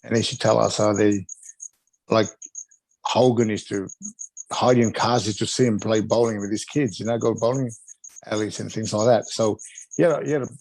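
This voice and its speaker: Animated middle-aged man telling stories. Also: fairly low pitch, normal speed, creaky, long pauses, no echo, low-quality recording. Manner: animated, laughs often, acts out other people's voices. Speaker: guest, retired wrestler. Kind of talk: casual storytelling interview.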